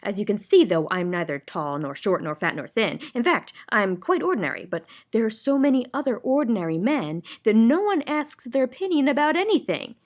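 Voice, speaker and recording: A woman voicing an excitable, forgetful ordinary man. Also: fairly high pitch, fairly quick, hardly any pauses. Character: odd ordinary man, proud, forgetful, fussy.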